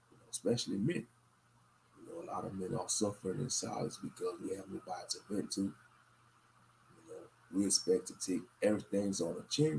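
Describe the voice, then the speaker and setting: A tired man rambles through a late-night livestream in a very low, gravelly voice. His talk is loose and monotone, with little lift from line to line. He sounds worn out. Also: a little hiss or hum. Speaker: livestream host.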